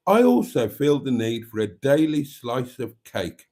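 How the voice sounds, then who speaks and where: A man's voice: mid-range voice, sing-song, unhurried, a little mellow. A man hosting a casual live stream, reading out viewer comments in a chatty, wry and self-mocking way.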